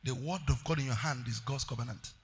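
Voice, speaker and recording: A male pastor preaching a sermon, calling out to the congregation and building up to loud shouted declarations. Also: medium pitch, fast talker, big-room sound. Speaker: pastor, evangelist.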